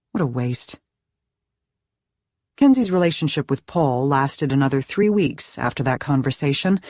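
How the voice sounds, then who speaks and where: A woman narrating a thriller audiobook in an expressive, dramatic reading style. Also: low-pitched, no room sound, studio quality. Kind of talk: scripted narration.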